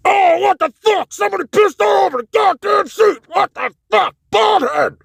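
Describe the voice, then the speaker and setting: A man voicing a foul-mouthed male metal guitarist who shouts and curses in a squeaky high voice. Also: expressive, moderate pace, creaky, no room sound, exaggerated voice. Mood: outraged.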